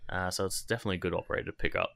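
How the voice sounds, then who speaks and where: A man's voice: sits low, fairly even intonation, rapid-fire, vocal fry, sharp tone, a little hiss or hum. A man co-hosting a casual gaming podcast, blunt and argumentative, swearing freely. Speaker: podcast co-host.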